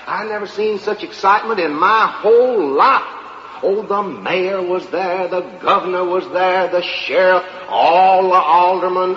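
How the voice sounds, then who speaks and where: A man's voice: a little high, a bit bright, slight background noise. Male comic spinning a drawling tale, live in a long-reverb hall, dull lo-fi sound. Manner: drawling, folksy storyteller. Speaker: comedian. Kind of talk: folksy comic monologue. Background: audience laughter.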